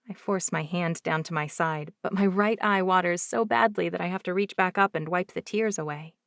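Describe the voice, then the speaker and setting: A woman narrating a first-person romance audiobook in a lively, expressive way. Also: lowish voice, moderate pace, vocal fry, few pauses, no room sound, studio quality.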